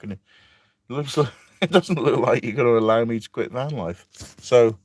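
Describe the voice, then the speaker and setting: Man, low voice, self-deprecating chatty streamer, dry close sound. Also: darkish tone, no room sound. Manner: chatty, self-deprecating, chuckles often, reads comments aloud. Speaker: vlogger reading live chat. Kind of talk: casual live stream chat.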